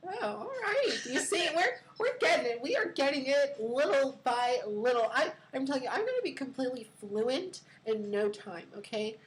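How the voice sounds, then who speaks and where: A woman from California hosting a casual livestream chat, laughing a lot and filling pauses with "uh". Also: sits high, expressive, low-quality recording. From California, USA. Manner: laughs a lot, friendly, drawn-out fillers. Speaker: host.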